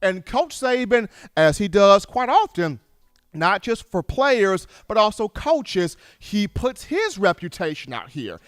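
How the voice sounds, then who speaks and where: A man hosting a sports show, giving opinionated commentary in an emphatic, animated way, now and then acting out other people's voices. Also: sits high, a little slow, dry recording, clean studio sound, soft background music. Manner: animated, emphatic, acts out voices of fans and relatives.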